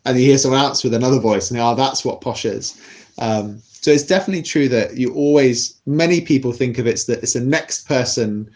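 Man, posh British accent, podcast guest, measured, thoughtful, mid pitch. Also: a little mellow. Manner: thoughtful, measured, with frequent restarts. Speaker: podcast guest explaining class. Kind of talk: conversational explanation.

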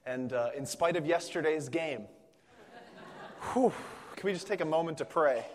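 A young man from Pennsylvania preaching a sermon in a church, telling stories in a lively, joking way with frequent restarts. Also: on the high side, normal speed. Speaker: guest preacher. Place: church sanctuary. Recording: long reverb of a church hall.

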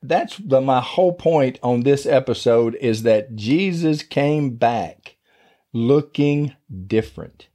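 Folksy middle-aged preacher with a mellow voice. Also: male voice, medium pitch, slow. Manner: folksy, conversational, with casual grammar. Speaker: podcast preacher. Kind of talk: informal sermon.

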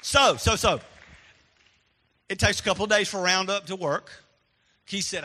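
A man preaching a sermon as pastor, animated and storytelling, dropping to a hush and then rising loud. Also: high-pitched, moderate pace, long reverb tail.

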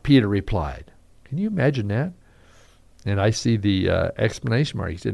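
A man preaching a radio devotional, reading scripture aloud and acting out the quotes with animated emphasis. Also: medium pitch, a little fast, vocal fry. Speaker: radio pastor.

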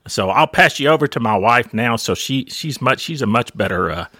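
A man giving a modest, halting encouraging message in a soft voice. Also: mid-range voice, lively intonation, dry recording, studio quality.

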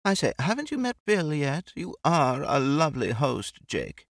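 A man voicing a poised, teasing woman who talks in a brisk, dry, mocking way. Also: fairly high pitch, big pitch swings, dry recording, pitched above the performer's own voice.

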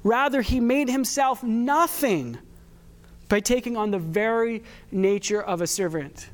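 A man with a high voice gives a sermon, preaching in a relaxed, conversational way. He mixes scripture with everyday stories from his own life. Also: a little slow. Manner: conversational preaching with personal anecdotes. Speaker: pastor.

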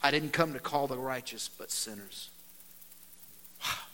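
With an unhurried pace, a medium pitch, and a long echoing tail, this male pastor preaches as if talking with the congregation. Phrases like "man" and "right?" come up again and again; he turns soft and sincere, then becomes loud and lively when reading from scripture.

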